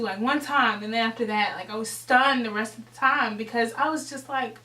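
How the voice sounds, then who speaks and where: Bright young woman telling a story. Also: on the high side, normal speed, few pauses, roomy sound, distant mic, low-quality recording. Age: young adult. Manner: animated, swears freely, acts out the scene. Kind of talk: casual storytime.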